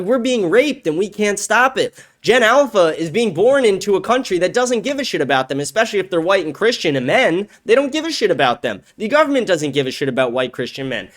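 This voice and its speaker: Angry high-voiced man ranting. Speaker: show host. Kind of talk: political commentary rant.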